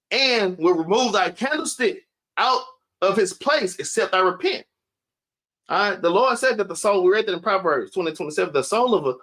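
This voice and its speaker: A man delivers a casual sermon in a high, bright voice, tagging his phrases with "man". He slows right down to read scripture aloud and sounds a little out of breath. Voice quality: casual preaching, repeats "man" at line ends. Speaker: teacher.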